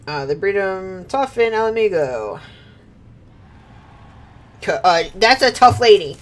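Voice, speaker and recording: A woman's voice: mid-range voice, big pitch swings, slow, long pauses. A woman streaming a video game, chatting casually, laughing often, swearing freely and reading game lines aloud. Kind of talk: casual gameplay commentary.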